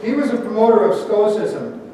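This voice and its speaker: A man's voice: high voice, sing-song, moderate pace, warm tone, far from the mic, slight background noise. A male pastor preaching a sermon in a conversational way, telling stories with light humor. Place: church sanctuary. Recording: echoey church hall from afar.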